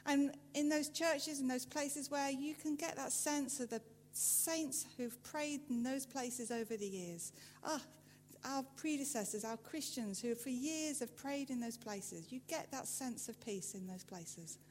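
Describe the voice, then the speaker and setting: Woman preacher, sermon, slow measured delivery, rather high voice, long church reverb, faint hum. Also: darkish tone. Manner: measured storytelling with emphatic rises.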